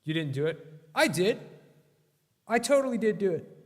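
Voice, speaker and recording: A man's voice: high voice, sing-song, moderate pace. A young man streaming a game, giving casual gameplay commentary, yelping in alarm and bantering with his chat. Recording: long reverb.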